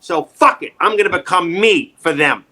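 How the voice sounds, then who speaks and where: A middle-aged acting coach speaks in a high-pitched voice at a moderate pace during a casual interview. He's emphatic and repetitive, telling stories in an animated way.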